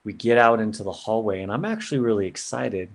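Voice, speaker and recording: A man's voice: lowish voice, expressive, fast, vocal fry. A man sharing an earnest personal story as a podcast guest, in a casual way with lots of "man" and "bro".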